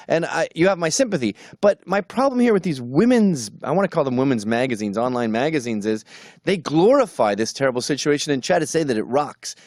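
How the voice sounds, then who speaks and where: A man's voice: fairly high pitch, no room sound, studio quality. A man delivering a combative, sarcastic opinion monologue as a commentator.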